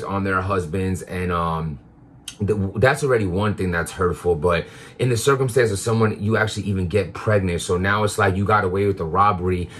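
A man's voice: lowish voice, a bit bright, slightly rough. A man talking in a casual confessional monologue, rambling with lots of fillers and restarts. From Queens, New York. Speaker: vlogger.

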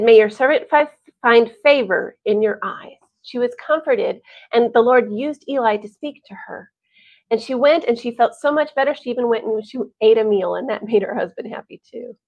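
A woman retells a Bible story for families in an animated, chatty way, her voice pitched fairly high. The recording sounds dull and lo-fi, with little top end. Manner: animated, chatty, with sighs and laughs. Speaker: Bible teacher.

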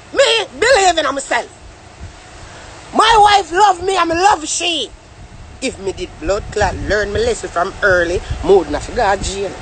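Loud, swearing Jamaican man ranting. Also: very high-pitched, slight background noise. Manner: loud, swearing, animated rant with frequent asides to the listener. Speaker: vlogger. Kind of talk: ranting year-in-review vlog in patois.

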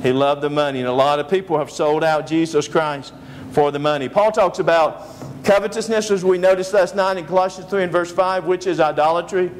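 A man delivers a sermon lecture, animated and storytelling, with humorous asides for the audience. His voice sits high for a man. A faint hiss lies beneath the speech. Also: fairly quick, low-quality recording. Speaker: preacher.

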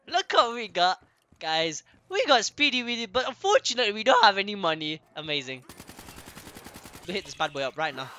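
A young man streams a game in a loud, excitable rush of commentary. His voice sits high and leaps all over the place, and he keeps repeating his lines in bursts. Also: a little fast. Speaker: gaming streamer.

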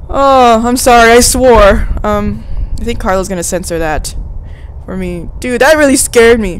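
A woman's voice: a little high, a little slow, pauses often, slight background noise. A young woman hosting a let's play, chatting casually to herself as she plays and getting easily startled. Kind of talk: casual gameplay commentary.

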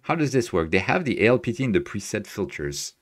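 A lowish male voice with big pitch swings comes at a quick pace. The speaker hosts a live astrophotography stream at his home desk in Tokyo, working through a screen tutorial aloud and answering his viewers' chat cheerfully.

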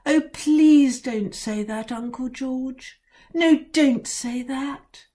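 A woman reading a storybook, voicing an upset young girl who pleads in a high, tearful voice. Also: lively intonation, unhurried, warm tone, close to an everyday voice. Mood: pleading.

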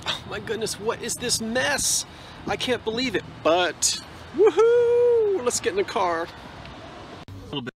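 A middle-aged man vlogging his thrift hunting, chatty and quick to exclaim over each find. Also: high voice, a little hiss or hum. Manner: excitable, exclaims over finds, chatty asides. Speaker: antiques and vintage reseller. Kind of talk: casual thrifting vlog. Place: in a car and a thrift store.

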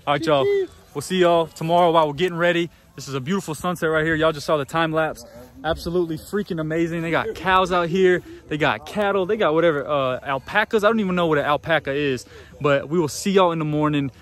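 A young man with a twang, chatting excitedly to camera as a vlogger, saying y'all a lot. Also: a little high, fast. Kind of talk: casual vlog narration. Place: outdoors at a farm and indoors at a venue. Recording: noisy handheld camera audio.

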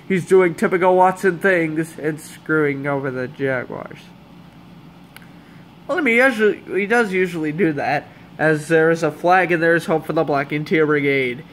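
A young man calling a football game as a fan commentator, hoarse and under the weather, with sarcastic, exasperated asides. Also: a little high, slight background noise. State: hoarse, voice giving out. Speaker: amateur play-by-play commentator.

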